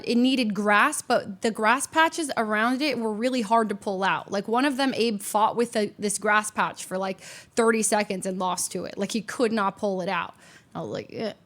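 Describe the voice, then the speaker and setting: A woman with a fairly high voice chats casually on her stream. She tells her stories with a lot of animation and slips into other people's voices along the way. She is close on a desk microphone. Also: fairly bright tone. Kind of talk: casual chat.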